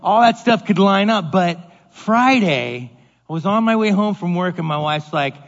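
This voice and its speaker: Male pastor, middle-aged, lively storytelling sermon, slightly high voice, dull lo-fi church recording. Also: moderate pace, creaky. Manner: animated, acts out voices in stories, self-deprecating. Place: church sanctuary. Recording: dull echoey hall recording.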